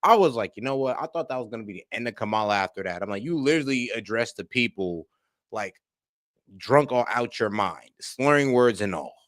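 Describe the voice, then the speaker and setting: A man streaming casual reaction commentary, talking in lively slang and mimicking what he hears. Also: mid-range voice, a little fast, dry recording, clean studio sound. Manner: animated slangy talk, mimics voices.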